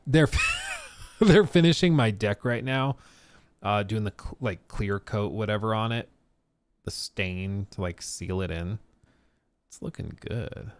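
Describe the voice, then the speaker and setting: A man's voice: fairly low pitch, slow, pauses often, smooth, no echo. A man hosting a live stream, chatting casually and laughing often. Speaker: streamer host.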